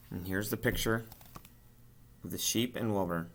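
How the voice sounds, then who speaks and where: A male teacher reading a children's book aloud to his class with expressive storytelling. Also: fairly low pitch, moderate pace, pauses often.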